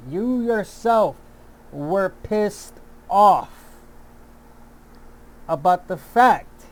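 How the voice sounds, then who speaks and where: This man's voice sits high with a darkish tone as he goes on a heated, profane commentary rant for YouTube. He keeps repeating himself and starting sentences over.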